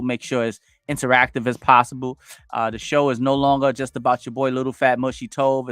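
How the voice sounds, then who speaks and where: Forty-something man hosting a lively livestream. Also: medium pitch, clean tone, no room sound. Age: 40s. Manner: animated, reads chat comments aloud, hypes viewers up. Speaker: livestream host. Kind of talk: casual livestream chat with viewers. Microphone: home streaming setup with wired connection.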